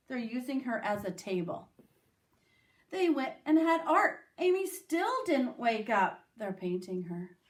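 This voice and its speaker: A woman reads a children's storybook aloud in an unhurried, expressive voice. Her pitch sits a little high and swoops widely. She gives the characters their own small voices. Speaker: teacher reading aloud.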